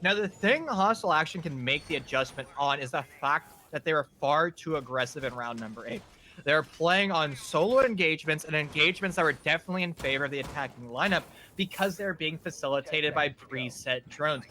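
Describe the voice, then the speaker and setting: Young male shoutcaster, high and bright tone, lively joking play-by-play. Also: a little fast, a little hiss or hum. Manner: energetic, joking. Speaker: esports caster. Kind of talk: live play-by-play commentary.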